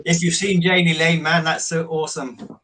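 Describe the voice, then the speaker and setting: Man, high voice, jokey podcast guest, casual chat. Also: flat delivery, normal speed, a bit bright, a little hiss or hum, low-quality recording. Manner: jokey, chuckling along.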